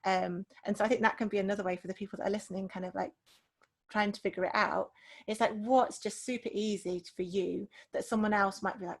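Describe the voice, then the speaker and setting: A woman's voice: medium pitch, steady tone, fast, gravelly. A woman, talking in an encouraging, reflective way in a casual podcast chat.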